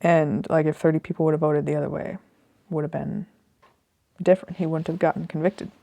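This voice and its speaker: Gravelly low-voiced woman thinking aloud. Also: fairly even intonation, fairly quick, warm tone, no echo. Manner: rambling, thinking aloud, unsure. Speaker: host reflecting on a reading. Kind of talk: casual spoken commentary.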